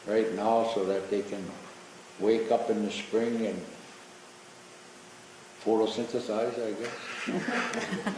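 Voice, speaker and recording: A man giving a ceremonial opening acknowledgment in a large courtroom, talking slowly and reflectively with frequent pauses and repetitions. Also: on the low side, a little mellow, slight background noise. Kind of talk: ceremonial public address. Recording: very echoey hall with long reverb.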